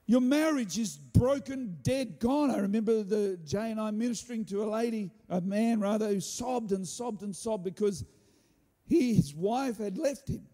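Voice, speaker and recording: A man preaching a sermon, telling a story with animated delivery and joking asides. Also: high-pitched, moderate pace. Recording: hall reverb.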